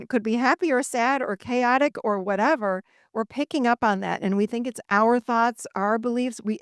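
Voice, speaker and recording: A woman's voice: medium pitch, no room sound, studio quality. A woman speaking to a live audience at an event. She tells stories, acts out the voices in them and laughs often. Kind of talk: animated talk to a live audience.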